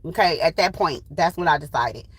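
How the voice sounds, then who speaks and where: A woman in her thirties, a tarot channel host, telling a personal story in a blunt, profane, animated way. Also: deep voice, moderate pace, husky, no room sound, rough recording. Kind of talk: casual storytime.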